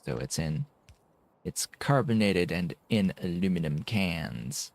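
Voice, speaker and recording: Slow-talking playful male streamer. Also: sits low, animated, creaky. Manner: playful, chats to his cat in a sing-song voice. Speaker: game streamer. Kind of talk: casual live-stream commentary.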